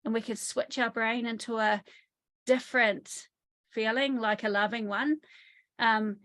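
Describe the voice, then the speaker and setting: Female trauma therapist, slightly high voice, lively storyteller, video-call interview from home. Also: measured pace. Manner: lively storytelling, often acts out quotes. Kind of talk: online summit interview. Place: home in the countryside.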